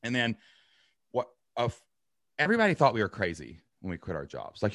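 A man in his thirties, an entrepreneur guest telling a story in an interview, animated and acting out the voices of people he quotes. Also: on the low side, fairly quick, long pauses, dry recording, clean studio sound.

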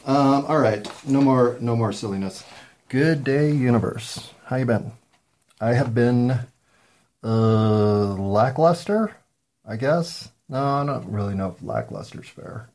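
A man hosting a solo talk show, rambling through jokes and musings with many ums and pauses while high. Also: a little mellow. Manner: meandering, joking asides, frequent ums and pauses. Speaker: podcast host.

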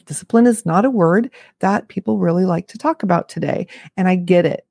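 A woman's voice: on the low side, a little fast, creaky, a little mellow, breathy edge, dry recording. Woman, fifties, parenting coach talking straight to listeners; chatty and frank with wry asides, dry close sound. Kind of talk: casual talk to camera.

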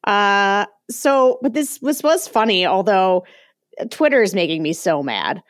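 A woman co-hosting a podcast, telling an animated story in casual chat and laughing often. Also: medium pitch, a little slow, dry recording, clean studio sound. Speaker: podcast co-host.

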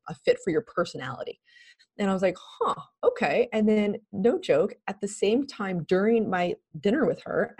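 A woman's voice: medium pitch, breathy edge. A woman in her thirties, a podcast guest telling stories casually, laughing often and acting out other people's lines. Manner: animated, laughs often, acts out quoted voices. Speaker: podcast guest, recruiting firm founder. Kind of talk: casual interview storytelling.

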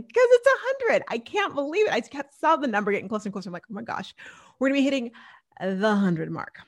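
A woman's voice: fairly high pitch, fairly bright tone. A woman hosting her own podcast, talking alone in a bubbly, chatty way and laughing often at herself. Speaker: podcast host. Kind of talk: casual solo podcast monologue.

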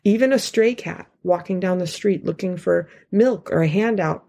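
A woman giving a pre-recorded inspirational talk in a lively, playful way, her pitch swooping up for emphasis. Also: moderate pace, vocal fry. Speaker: featured speaker.

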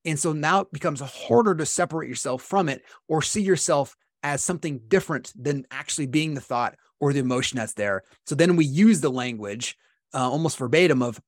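A man co-hosting a podcast, explaining meditation in a relaxed conversational way, often checking in with "right?" and acting out his inner dialogue. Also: on the high side, fast, dry recording, studio quality. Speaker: podcast co-host teaching meditation. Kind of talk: casual explanatory podcast talk.

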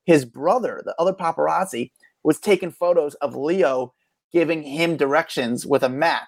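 A man's voice: a little high, normal speed, creaky, no room sound. A male podcast co-host telling stories in casual chat, acting out what people said. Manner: animated storyteller, acts out quotes.

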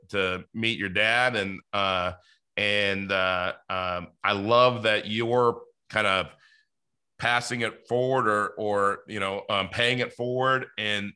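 With a sharp tone and a voice on the low side, a man hosts a podcast interview. He talks casually and ramblingly, full of fillers and false starts.

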